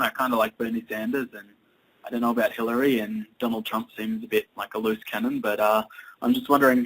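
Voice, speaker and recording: Male interviewer, laid-back, raspy with a gravelly edge. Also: mid-range voice, rough recording. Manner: relaxed, brief backchannel replies. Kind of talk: casual interview questions.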